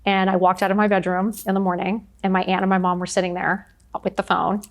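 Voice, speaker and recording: A woman's voice: medium pitch, level tone, quick pace. A woman in her fifties, a podcast guest, telling stories in a chatty, emphatic way with lots of "like". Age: 50s. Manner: chatty, emphatic storyteller, frequent "like". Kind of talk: candid conversational interview.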